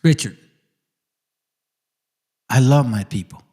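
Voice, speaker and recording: A man's voice: medium pitch, slow, dark tone, breathy edge. A man hosting his channel, ranting in a confrontational, profane monologue aimed directly at people. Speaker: channel host.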